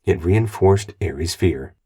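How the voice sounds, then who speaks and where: A man reading an audiobook aloud in an even, measured narration. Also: low-pitched, breathy edge. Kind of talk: scripted narration.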